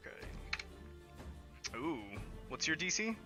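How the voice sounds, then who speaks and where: Game master, male, very bright tone, unhurried delivery, playful narration. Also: on the high side, very animated, vocal fry, soft background music. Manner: playful storytelling with frequent fillers.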